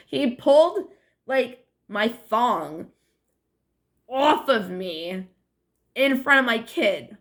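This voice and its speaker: A woman's voice: fairly high pitch, lively intonation, extremely slow, pauses often, fairly bright tone. A young woman with a New England accent talking to her viewers in a meandering, casual monologue, full of "like" and swearing. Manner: meandering, heavy on "like" and swearing, frequent laughs. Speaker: vlogger. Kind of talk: rambling casual monologue to camera.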